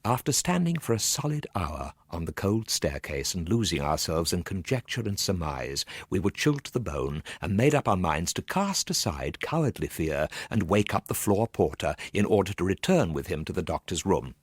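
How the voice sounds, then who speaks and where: A man narrating a dark, suspenseful story in a tense voice that swings from low murmurs to urgent bursts. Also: sing-song, normal speed, few pauses, slightly rough, dry recording, clean studio sound.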